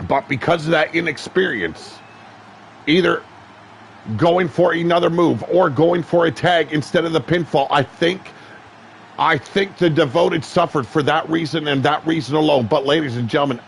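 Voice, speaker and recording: A man calling a wrestling match play-by-play, excitable and profane, often shouting. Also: fairly high pitch, moderate pace, creaky, a little hiss or hum. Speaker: wrestling commentator. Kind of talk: play-by-play commentary.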